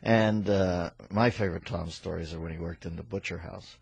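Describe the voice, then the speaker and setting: A man hosting a radio talk show, firing off quick wisecracks and pop culture jokes in casual banter from the studio. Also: sits low, steady tone, creaky, breathy edge, dry recording, lo-fi sound. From United States. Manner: rapid-fire wisecracks and pop culture riffs.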